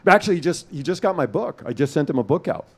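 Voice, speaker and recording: Animated joking male talk show host. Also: on the high side, fast, slightly rough. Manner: joking, animated, takes callers. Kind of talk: casual radio talk show banter.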